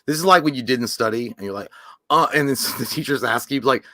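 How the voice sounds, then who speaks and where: A man's voice: medium pitch, a little fast, no echo. A man co-hosting a live movie stream, joking around in casual chat. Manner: joking, animated. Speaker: podcast co-host.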